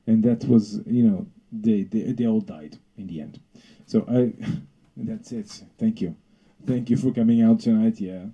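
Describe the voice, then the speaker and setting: A man doing a rambling, deadpan stand-up comedy bit. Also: fairly low pitch, unhurried, few pauses, slightly rough, rough recording.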